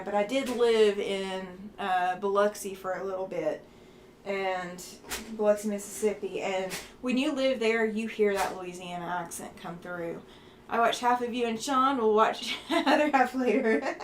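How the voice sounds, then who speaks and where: A woman hosting a relaxed livestream, chatting casually with viewers and reading their comments while she works on a quilting project. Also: mid-range voice, slight background noise. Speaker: livestream host.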